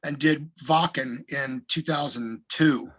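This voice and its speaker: A middle-aged man, a singer, telling animated stories in a casual interview. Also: a little high, slow pace. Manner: animated anecdotes with profanity. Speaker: guest singer.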